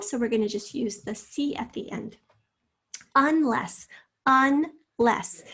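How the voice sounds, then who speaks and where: A woman's voice: fairly high pitch, gravelly, breathy edge. A woman teacher giving a recorded spelling lesson, explaining each word patiently and step by step.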